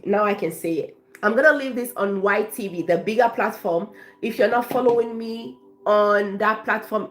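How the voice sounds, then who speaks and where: A woman from Africa, a life coach, chatting effusively on a live stream and thanking her viewers by name. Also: on the high side.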